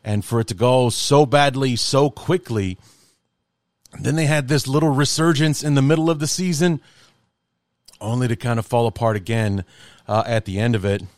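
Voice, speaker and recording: A man's voice: medium pitch, fairly even intonation, normal speed, no echo, studio quality. A man hosting a sports podcast, talking casually with lots of fillers and restarts. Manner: rambling, many fillers and restarts. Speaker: podcast host.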